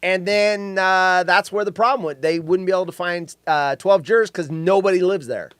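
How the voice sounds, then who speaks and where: A man co-hosting a casual live-stream podcast, telling stories in an animated way and reading viewer comments aloud. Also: sits high, moderate pace, smooth, no room sound, clean studio sound. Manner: animated storyteller, reads chat aloud. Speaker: podcast co-host.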